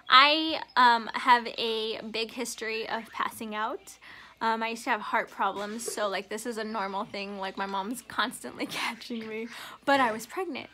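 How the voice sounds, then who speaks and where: Young woman rambling thru a story, kinda high, bright and giggly, says like a lot. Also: steady tone, normal speed. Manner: chatty, giggly, lots of "like". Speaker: vlogger. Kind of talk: casual storytelling.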